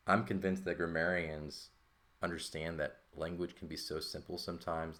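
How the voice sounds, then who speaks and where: Male teacher, very deep voice with vocal fry, informal recorded lesson, thinks aloud as he writes. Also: a bit bright. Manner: casual, thinking aloud with frequent "okay?" and "right?" checks. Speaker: Greek teacher.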